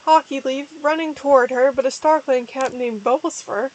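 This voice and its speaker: A woman's voice: sits high, normal speed, a little mellow, highs cut off. A woman giving a mock-earnest, stumbling dramatic reading of a parody fan story. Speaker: dramatic reader.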